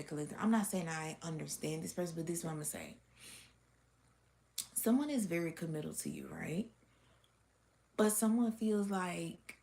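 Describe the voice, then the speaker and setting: Woman reading cards for her viewers. Lowish voice, off-the-cuff delivery, blunt, swears freely, laughs often. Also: a little mellow. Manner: blunt and profane, with frequent laughs and fillers. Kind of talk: casual unscripted reading to camera.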